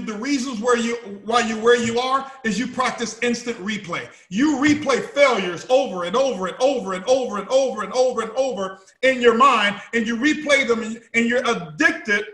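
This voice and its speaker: High-pitched man giving a fired-up pep talk. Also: roomy sound. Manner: emphatic, repetitive, bursts into shouting. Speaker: company founder speaking to his team. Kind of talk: motivational speech to a live audience.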